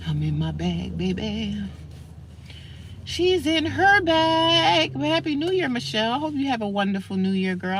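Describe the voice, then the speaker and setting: Woman vlogger, playful and teasing, bright tone. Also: on the high side, slight background noise. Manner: sassy, playful, calls viewers girl and sis. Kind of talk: casual livestream chat with commenters. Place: homeless shelter.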